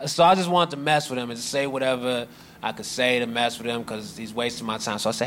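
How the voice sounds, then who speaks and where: A man telling a long stand-up story, mostly deadpan, with sudden loud outbursts. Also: mid-range voice, fast, a little hiss or hum. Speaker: stand-up comedian.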